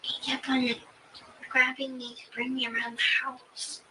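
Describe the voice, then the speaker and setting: Soft, hesitant high-voiced young woman. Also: flat delivery. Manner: soft, hesitant, many pauses and ums. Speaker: interviewee questioned by investigator. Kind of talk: recorded police interview. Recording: distant mic with faint hiss.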